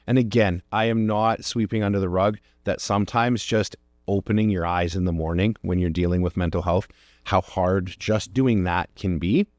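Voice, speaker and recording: A man with a fairly low voice speaks as a podcast host, earnest and encouraging. He tells his story in an unhurried, reflective way. The sound is close and dry, with no room around it. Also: darkish tone, dry recording. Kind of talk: personal podcast monologue.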